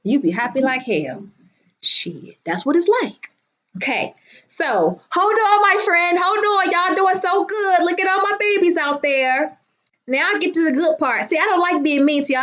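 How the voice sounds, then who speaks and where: Woman, high voice, brash livestream chat, muffled lo-fi sound. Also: moderate pace. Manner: loud, profane, animated, greets viewers by name. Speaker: livestream host. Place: at home.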